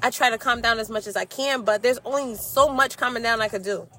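Loud high-voiced woman, profane chat. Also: a little fast. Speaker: podcast co-host. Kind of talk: casual chat.

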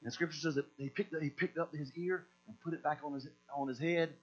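A man preaching a sermon as pastor, energetic and slangy, acting out the people in the stories he tells. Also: on the high side, a little fast. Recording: dull lo-fi sound with mains hum.

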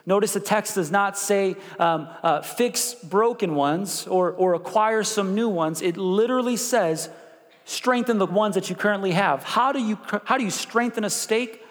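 Guy pastor preaching, kinda high voice, lots of everybody say this, long church reverb. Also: moderate pace. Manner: animated preaching with call-and-response. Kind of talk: sermon. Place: church sanctuary.

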